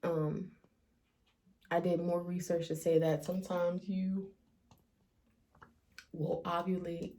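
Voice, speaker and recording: A woman's voice: on the low side, dark tone. A woman speaking emotionally to her vlog audience, near tears as she confides. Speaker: vlogger. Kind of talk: personal vlog confession.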